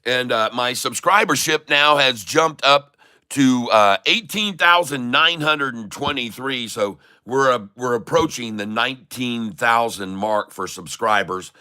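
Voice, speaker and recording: A man hosts a live trading stream, talking to his viewers in a chatty, folksy way. He rattles off strings of price numbers, and his voice has a bright, forward edge at an ordinary middle pitch. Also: unhurried, clear, resonant tone. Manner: reads out price numbers in runs.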